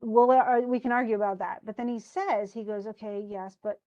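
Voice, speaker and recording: A woman's voice: fairly high pitch, steady tone, brisk, dark tone, muffled recording. A woman teaching a lesson, retelling a play scene by scene and paraphrasing its lines in everyday speech, with many fillers.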